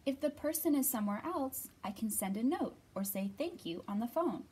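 A woman librarian leading a children's storytime, reading aloud in an expressive, bright manner and acting out the quoted lines. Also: a little high, moderate pace, slightly rough.

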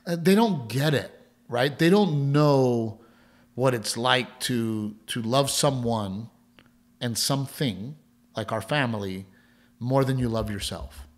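Speaking at a slow pace in a mid-range voice, a podcast co-host shares a family story. He rambles in a casual manner, restarting many times, repeating words and laughing as he tells it.

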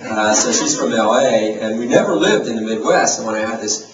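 A man at a reception gives a loose, joking welcome speech, stumbling over fillers and restarts. His voice carries from a distance through a reverberant hall, with clear background noise around it. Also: fairly low pitch, lively intonation, brisk. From New Jersey. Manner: chatty, self-deprecating, many fillers and restarts. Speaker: university president. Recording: roomy hall, mic at a distance, noisy.

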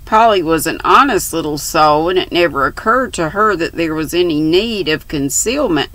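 A woman in her sixties reading a classic novel aloud, with a steady storytelling voice that lifts in pitch for the girls' dialogue. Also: moderate pace, no echo, rough recording. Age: 60s. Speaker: audiobook reader.

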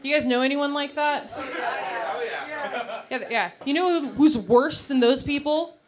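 A woman's voice: high-pitched, normal speed, crowd noise. Brash woman doing crude stand-up comedy. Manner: brash, crude, self-deprecating punchlines with put-on quoted voices. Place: comedy club stage. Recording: live club set with loud audience laughter. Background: audience laughing.

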